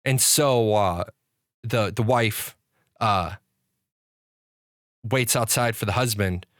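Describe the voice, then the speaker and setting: A man's voice: fairly low pitch, slow pace, fairly bright tone, dry recording, studio quality. A man streaming live, rambling and laughing at his own jokes in casual chat.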